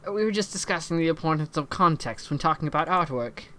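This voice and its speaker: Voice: mid-range voice, expressive, fast talker, sharp tone, a little hiss or hum. A host reading as a pompous young art snob. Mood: lecturing. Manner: lecturing, long-winded.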